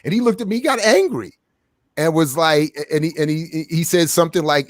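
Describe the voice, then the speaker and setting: Animated storytelling man, dry sound. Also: fairly high pitch, brisk, no room sound. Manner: animated storyteller, acts out quotes. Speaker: show co-host. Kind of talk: casual chat.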